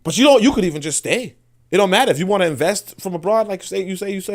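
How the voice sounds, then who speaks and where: Man in the host seat of a talk podcast, slightly higher voice, loose and animated, checks in with listeners often. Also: quick pace. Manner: animated and conversational, with frequent restarts; laughs and asks listeners for agreement. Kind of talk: casual monologue.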